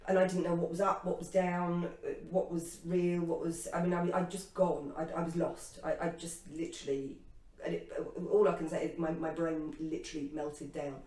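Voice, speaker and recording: A woman with a slightly low voice tells a personal story in a casual chat, acting out her own past reactions with laughter. She sounds set back from the mic in an echoey room. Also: little pitch movement, moderate pace, darkish tone, distant mic. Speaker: co-host.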